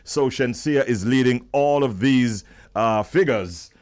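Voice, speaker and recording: Male radio co-host, mid pitch, measured, deliberate update read. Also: a little mellow. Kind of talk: morning radio chat.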